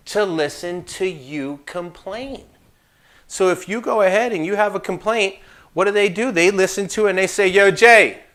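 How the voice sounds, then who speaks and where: A man teaching an insurance licensing class in a casual, joking way, with animated asides and playful trash talk. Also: a little high.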